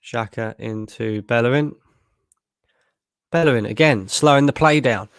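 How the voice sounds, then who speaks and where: A man's voice: mid-range voice, normal speed, long pauses, no room sound, clean studio sound. A man streaming a live match watchalong, tired after a long work shift and bluntly frustrated, swearing freely. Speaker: fan channel streamer.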